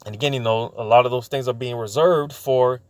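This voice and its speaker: A man giving an informal bible teaching, stumbling over words with many fillers and repeats, slowing down when he reads verses aloud. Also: medium pitch, steady tone. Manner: slows down to read scripture aloud.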